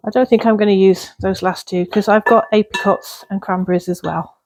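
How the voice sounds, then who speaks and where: In this casual cooking vlog, a woman chats while baking in her cottage kitchen, rambling with fillers and small laughs. She speaks a little fast in a steady, mid-range voice that is a little mellow.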